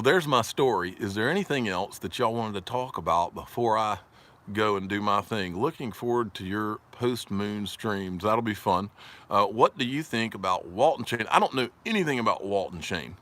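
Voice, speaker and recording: Southern male stream host, slightly low voice with a forceful edge, jokey, reads comments. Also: expressive, normal speed. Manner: rambling and jokey, laughs often, reads viewer comments aloud. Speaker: livestream host. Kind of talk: casual livestream chat.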